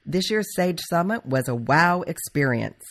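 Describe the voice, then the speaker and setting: Woman podcast host, polished and upbeat, slightly low voice. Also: lively intonation, a little slow. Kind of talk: scripted podcast narration.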